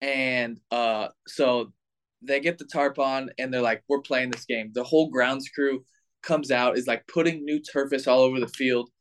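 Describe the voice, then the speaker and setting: Speaking at a measured pace in a medium pitch, a young baseball player in his twenties relates a story animatedly and casually, scattering filler words throughout.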